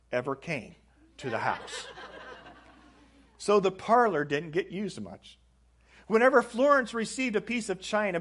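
A man's voice: fairly high pitch, fairly bright tone, breathy edge. A man preaching a sermon, reading aloud from a book and stressing phrases with rising emphasis. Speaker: pastor. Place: church sanctuary.

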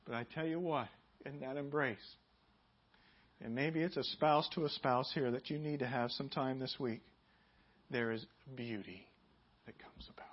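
A man's voice: moderate pace, long pauses. Emphatic preaching man, lo-fi audio. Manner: emphatic preaching, rising loud and high on key points. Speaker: pastor. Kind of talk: sermon.

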